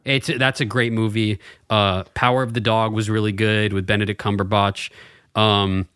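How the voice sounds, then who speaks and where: A man's voice: lowish voice, flat delivery, moderate pace, fairly bright tone, smooth, no room sound, studio quality. A young man co-hosting a podcast, talking in a rambling, emphatic and profane way. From Los Angeles. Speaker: podcast co-host. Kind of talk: casual podcast chat.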